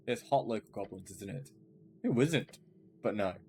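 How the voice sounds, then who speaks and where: A man's voice: lowish voice, animated, normal speed, darkish tone, a little hiss or hum. A man playing a fantasy game, reading its text aloud and reacting with playful comments. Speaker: gaming streamer. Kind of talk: let's-play narration and reaction.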